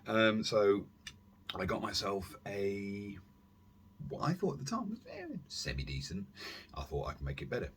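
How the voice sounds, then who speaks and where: Deep-voiced rambling man. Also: big pitch swings, normal speed, a bit bright, slight background noise. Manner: rambling, self-deprecating, lots of fillers and asides. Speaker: airsoft YouTube channel host. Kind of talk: casual gear review vlog. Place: warm room at home, indoors. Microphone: camera on a stand.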